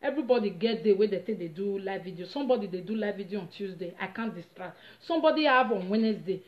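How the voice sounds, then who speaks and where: A woman with a Nigerian accent casually retelling a story on her vlog, animated and dramatic. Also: mid-range voice, quick pace. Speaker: vlogger. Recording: roomy, slightly dull recording.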